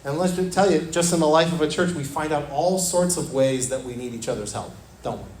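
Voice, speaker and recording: An earnest male pastor preaching a sermon, his fairly high voice ringing through an echoey church room. A faint hum of ambience sits behind him. He repeats key phrases and sinks to a softer, lower tone for scripture. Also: fairly quick. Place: church sanctuary.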